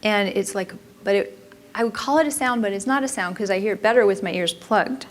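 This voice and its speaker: A woman with a mid-range voice talks a little fast while giving an informal, chatty conference presentation. She frequently interrupts herself and restarts her sentences.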